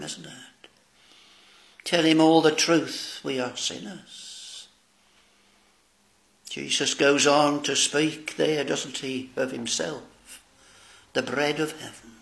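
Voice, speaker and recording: The man's voice is a little high, creaky and somewhat bright as he preaches slowly and solemnly. Addressing "dear friends," he quotes scripture in old-fashioned phrasing.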